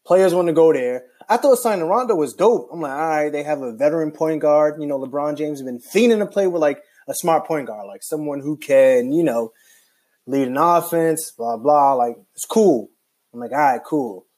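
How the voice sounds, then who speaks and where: A man's voice: a little high, moderate pace. A young man ranting casually and with frustration, rambling and filling his talk with "like" and restarts. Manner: animated, rambling, heavy use of "like". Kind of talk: casual basketball rant.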